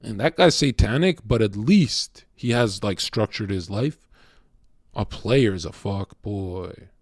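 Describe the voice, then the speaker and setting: Low voiced young guy ranting at his stream chat, cocky and crude, dry close sound. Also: expressive, takes it slowly, dry recording. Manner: crude and cocky, heavy swearing, lectures the chat. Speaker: livestreamer talking to chat. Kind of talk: casual blunt stream monologue.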